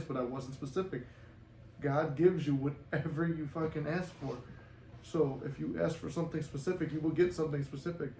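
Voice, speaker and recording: A man's voice: fairly high pitch, darkish tone. A man vlogging in his apartment, rambling loosely and swearing as he encourages his viewers. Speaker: manifestation vlogger. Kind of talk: casual motivational talk to camera. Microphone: no good microphone, voice muffled. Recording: echoey room with faint noise and muffled sound.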